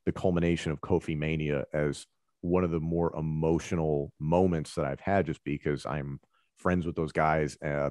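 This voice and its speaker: Male commentator, deep voice, relaxed conversational delivery, dry recording. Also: no echo. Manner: relaxed, conversational, explains with examples. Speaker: wrestling commentator. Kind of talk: conversational interview answers.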